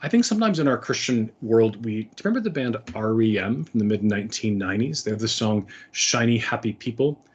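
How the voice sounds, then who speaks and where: A man's voice: on the low side, animated, fairly quick, few pauses, breathy edge, highs cut off. A middle-aged man giving an earnest, conversational talk to parents, with frequent fillers and restarts. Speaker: speaker.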